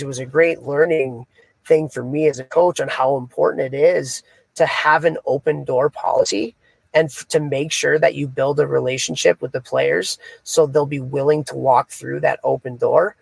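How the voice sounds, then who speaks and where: A man's voice: a little high, fairly even intonation, normal speed, gravelly, no room sound. A man who coaches hockey, co-hosting a podcast and telling a story in a casual, rambling way full of fillers. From Canada. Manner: casual, filler-heavy, retelling conversations.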